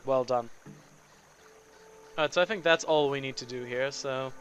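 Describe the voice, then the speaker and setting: A man's voice: mid-range voice, moderate pace, highs cut off. A man doing playful, amused commentary while playing a video game. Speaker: let's play host. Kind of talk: casual gameplay commentary. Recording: voice over game music.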